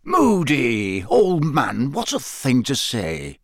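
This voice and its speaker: A jovial, boyish official, read by a man in a near-natural voice, bouncy and lively in its pitch. Friendly and a bit nervous in manner. Dry, close storybook sound. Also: takes it slowly, no room sound, heavily acted.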